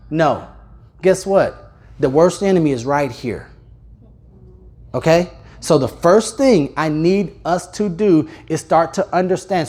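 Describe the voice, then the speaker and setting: A man leading a live sales seminar in a training room, addressing the audience with questions and deliberately speeding up, slowing down, and shifting his volume. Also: sits high. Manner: energetic, speeds up and slows down, louder and softer on purpose. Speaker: real estate sales trainer.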